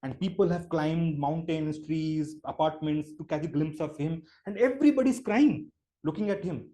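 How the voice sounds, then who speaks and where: A man tells a heartfelt personal story over a call microphone. His voice sits a little high but sounds dark and mellow, and he leans on "um" and "you know" as he goes. He pushes his voice up when the story turns emotional. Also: normal speed. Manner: earnest storytelling with many fillers, rising emotion at key moments. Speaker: devotional speaker. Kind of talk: personal testimony at an online devotional session. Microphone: online call microphone.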